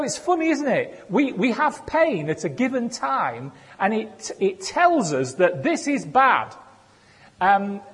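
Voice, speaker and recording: A man's voice: sits high, husky. A man giving a sermon in a conversational way, with self-deprecating humor. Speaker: preacher. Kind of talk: sermon with personal stories. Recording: echoey hall.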